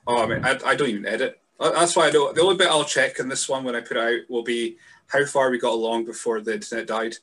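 A man's voice: mid-range voice, steady tone, fast talker, fairly bright tone. A man with a faint Scottish accent chats as a podcast guest in an ordinary mid-range voice. He rambles in a laid-back way and swears freely. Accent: mild Scottish. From Scotland. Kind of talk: casual chat.

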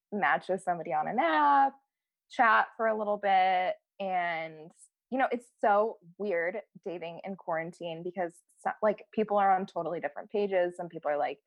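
A woman's voice: fairly low pitch, no room sound, dull audio. A young woman in her twenties, a podcast guest, chatting casually, mocking herself with a laugh. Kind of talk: casual chat.

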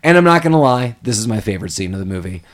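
A man's voice: fairly low pitch, very fast. A man hosting a podcast, casually recapping a movie scene by scene and acting out the characters' lines as he goes. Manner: animated retelling, acts out characters' lines. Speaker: podcast host.

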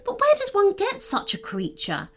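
A woman's voice: extremely high pitch, wildly swooping pitch, moderate pace, pitched above the performer's own voice, heavily acted. Woman doing a serious red panda queen. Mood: regal. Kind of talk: storybook reading.

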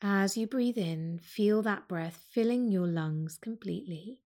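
Calm woman guiding a breath meditation. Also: medium pitch. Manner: slow, calm and soothing. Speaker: yoga teacher.

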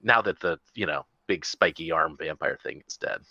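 Deep, bright male player, lively and sarcastic; dull lo-fi recording. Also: normal speed, vocal fry, slightly rough, no room sound. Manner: sarcastic, mocking asides. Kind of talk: casual game talk. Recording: dull lo-fi mic.

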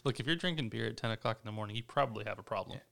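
A man's voice: on the low side, rapid-fire, vocal fry, a bit bright. A laid-back man in casual chat, joking and swearing casually. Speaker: podcast co-host.

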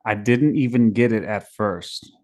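Guy co-host, lower voice, really earnest and into it. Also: takes it slowly, darkish tone. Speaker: podcast co-host. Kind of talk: casual chat.

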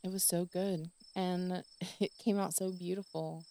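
A woman in her forties hosting a solo podcast, talking in a rambling, chatty way about her week, with soft laughs. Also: lowish voice, level tone, unhurried, slight background noise. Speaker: podcast host. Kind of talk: casual solo podcast chat.

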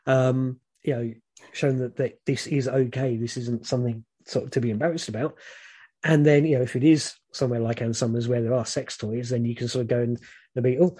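A British man giving frank, relaxed advice in casual chat, rambling with many fillers. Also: medium pitch, a little fast, breathy edge.

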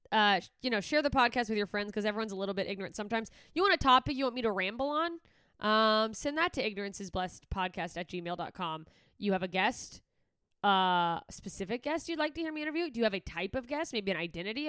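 A woman's voice: medium pitch, moderate pace, fairly bright tone, clear, resonant tone, no echo, studio quality. A woman hosting her own podcast, a stand-up comedian ranting casually with lots of swearing, tangents and self-mocking asides. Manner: profane, rambling, self-mocking. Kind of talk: casual solo podcast rant.

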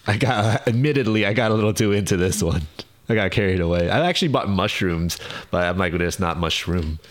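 A young man co-hosting a podcast in casual chat, playful and quick to pun and laugh. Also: on the low side. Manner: playful, punning, laughs often. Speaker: podcast co-host.

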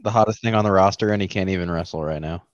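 A man's voice: low voice, racing, dry recording. A man co-hosting a casual podcast, making sarcastic wisecracks. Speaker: podcast co-host. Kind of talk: casual chat. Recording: dull dry lo-fi mic.

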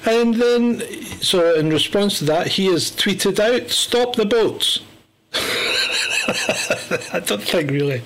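A man co-hosting a casual political podcast. He argues his point with rhetorical questions, and his voice sits somewhat high for a man. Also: expressive, slow pace, long pauses, a little hiss or hum, poor audio. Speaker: podcast co-host.

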